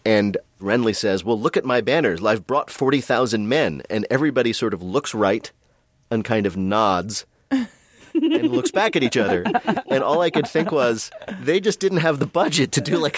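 A man co-hosting a casual chat, telling stories in an animated way and laughing often. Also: medium pitch, moderate pace, husky, no echo. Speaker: podcast co-host.

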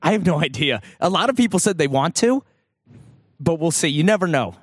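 A man hosting a casual talk show, telling stories in a profane, animated way. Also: on the high side, a little fast, a little hiss or hum. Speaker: show host. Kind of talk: casual radio chat.

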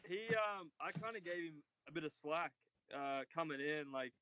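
A man's voice: fairly high pitch, moderate pace, heavy background noise. A young man in his twenties with an Australian accent, chatting loosely as a podcast guest, filling his answers with "like" and "uh". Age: 20s. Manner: laid-back and rambling, heavy on "like" and "uh". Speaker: podcast guest, college runner. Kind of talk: casual interview chat.

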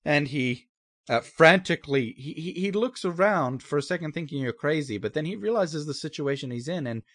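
Lively, animated game master man. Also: a little high, no room sound, studio quality. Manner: laughing, halting narration with restarts. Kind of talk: narrating a tabletop game.

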